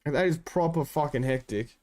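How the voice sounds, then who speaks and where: A man's voice: on the high side, normal speed, darkish tone. An Australian man streaming, rambling in slangy casual chat with his viewers and swearing a lot.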